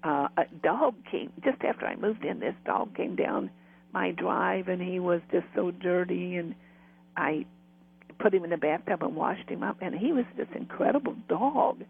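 Medium guy rambling thru a story on a phone line, kinda high voice, husky. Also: animated, moderate pace. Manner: rambling, restarts often, laughs while telling. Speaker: guest, spiritual medium. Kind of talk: storytelling interview.

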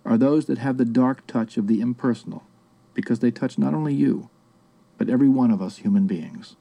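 A man reading the lines of an old male mentor who speaks in a slow, wry, teasing way. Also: mid-range voice, creaky, dark tone.

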